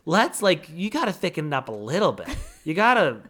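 A woman with a low-pitched voice that swings widely up and down as she co-hosts a casual recap podcast. She talks in an animated way, swears freely and acts out bits of the people she discusses. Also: a little fast. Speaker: podcast co-host. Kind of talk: casual reality-TV recap chat.

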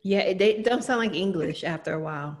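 A woman's voice: medium pitch, a little fast. A woman chatting casually as co-host, blunt and frank. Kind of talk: casual chat.

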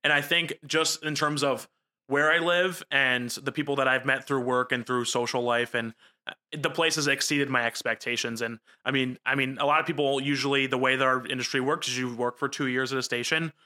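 Young reporter with a jersey accent, fast and chatty, bright sharp tone, casual podcast talk. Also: male voice, mid-range voice. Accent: New Jersey. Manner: quick, animated storytelling with frequent "like" fillers. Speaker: local TV news reporter.

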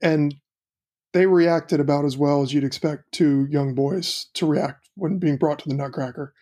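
A middle-aged man co-hosting a casual chat, telling stories about his kids and quoting them with lively voices. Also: fairly high pitch, measured pace. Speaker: podcast co-host.

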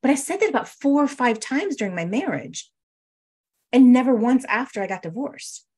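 A woman's voice: a little high, big pitch swings, normal speed, a little mellow, slightly rough. A woman being interviewed, candidly recounting a hard personal story with emotion and frequent restarts. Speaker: interview guest.

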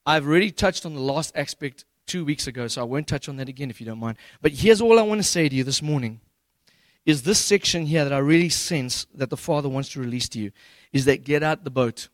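A man preaching a sermon as pastor, retelling scripture in a relaxed, humorous way with slangy paraphrases. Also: a little high, a little fast, no room sound.

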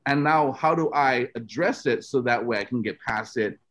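A man's voice: mid-range voice, normal speed, fairly bright tone. A man who coaches personal development, talking earnestly and reflectively as a regular guest on a casual podcast.

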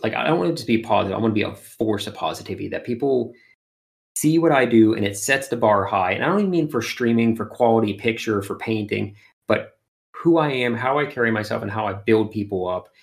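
A man, an art streamer, chatting in an interview and telling animated stories full of fillers. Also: on the low side, fast talker, gravelly. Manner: animated storyteller, many fillers. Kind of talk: casual interview chat.

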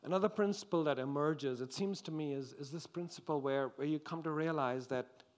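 A man preaching a sermon, slow and dramatic, rising to loud exclamations and dropping to hushed tones. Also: fairly high pitch.

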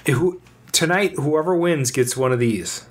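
A man co-hosting a casual podcast, talking in an excitable, bouncy way and laughing easily. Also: on the high side, unhurried, slight background noise. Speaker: podcast co-host. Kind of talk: casual chat.

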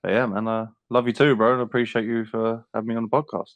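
Man guest, low, even tone, slangy chat, dry sound. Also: quick pace, dry recording. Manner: warm and slangy. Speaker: podcast guest. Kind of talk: casual chat.

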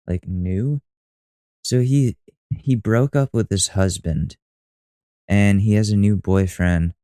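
A man's voice: on the low side, warm tone, dry recording, clean studio sound. A young man hosting a podcast, reacting to a video with mocking, profane, rambling commentary. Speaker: podcast host.

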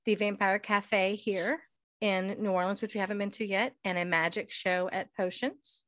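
A woman's voice: medium pitch, steady tone, moderate pace, a bit bright, dry recording, studio quality. A woman co-hosting a podcast, telling a rambling anecdote in casual chat and acting out what people said. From Texas. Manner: rambling anecdote with acted-out quotes. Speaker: podcast co-host.

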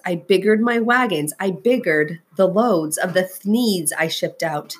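A woman reads a rhyming storybook aloud at an unhurried, rhythmic pace. Her voice is lowish and a little husky. The delivery is expressive. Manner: slow, expressive, rhythmic reading. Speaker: storybook reader.

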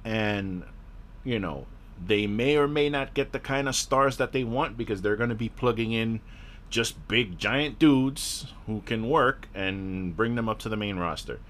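A man's voice: lowish voice, measured pace, a bit bright. A man hosting a podcast, ranting in a frustrated, profane, rambling way with a sore throat. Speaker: podcast host.

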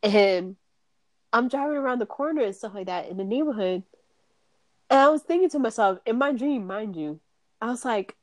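A woman's voice: mid-range voice, moderate pace, dry recording. A woman co-hosting a podcast, telling a story in casual chat, acting out quotes, swearing and laughing often. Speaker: podcast co-host.

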